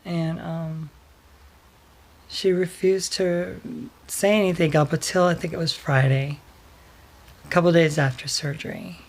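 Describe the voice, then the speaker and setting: A woman telling a personal story in a vlog, soft and hesitant, pausing often with fillers. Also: low voice, steady tone. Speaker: vlogger.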